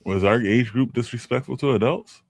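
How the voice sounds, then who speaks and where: A man's voice: medium pitch, moderate pace, a little mellow, dry recording. A young man as podcast co-host, chatting casually and thinking aloud in a laid-back way. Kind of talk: casual chat.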